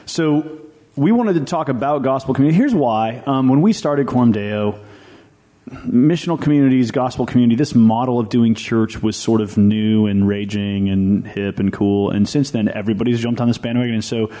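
A man's voice: medium pitch, normal speed, dark tone. A man who is a pastor and podcast co-host, explaining ideas earnestly in a casual discussion and thinking aloud with frequent restarts.

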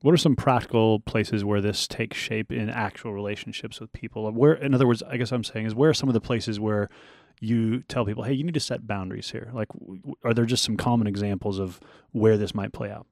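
A man's voice: fairly low pitch, steady tone, a little fast, a little mellow, dry recording, studio quality. A man hosting an interview, asking friendly questions with stumbling restarts. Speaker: podcast host.

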